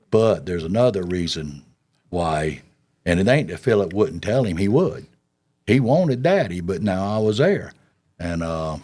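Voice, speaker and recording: Man, low voice, folksy storyteller, drawling, chuckles as he talks. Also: a little mellow. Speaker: interview guest recounting his past. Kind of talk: storytelling in an interview.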